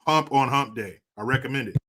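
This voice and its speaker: A man in his forties hosts a casual live stream, reading viewer comments aloud. His pitch sits in the middle range for a man. He jokes around, swears freely and breaks into laughs. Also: a little fast, pushed and bright. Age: 40s. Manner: jokey, profane, laughs often.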